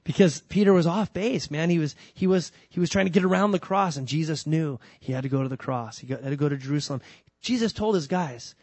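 A male pastor preaching a sermon in an animated, conversational way, jumping between loud emphasis and soft asides, with humorous asides. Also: fairly high pitch, a little fast, no echo.

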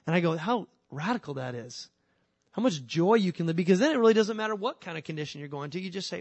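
A man preaching a sermon in a casual, animated way, moving between loud emphasis and quiet, earnest lines. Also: sits high, fast talker, slightly rough, no echo. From California. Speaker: pastor.

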